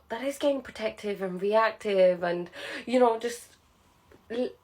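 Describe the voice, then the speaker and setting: A woman giving a casual, earnest self-help talk who acts out inner voices in an animated way. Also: a little high.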